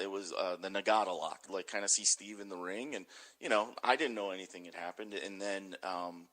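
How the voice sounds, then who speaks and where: A man casually telling animated backstage stories, swearing and laughing as he goes. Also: fairly low pitch, fairly quick. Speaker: pro wrestler telling stories. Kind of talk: casual storytelling.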